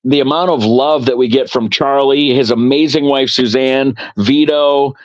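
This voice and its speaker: A man's voice: mid-range voice, moderate pace, dull audio. A man, guest co-creator of a comic, telling anecdotes in a casual interview and acting out the dialogue. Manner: animated storyteller, acts out quoted dialogue.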